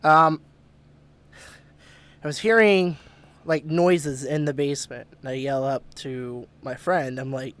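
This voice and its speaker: A man's voice: fairly high pitch, takes it slowly, pauses often, smooth. A man hosting a podcast, telling a story casually with lots of swearing and laughter. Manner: profane, laughing, animated retelling. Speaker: podcast host.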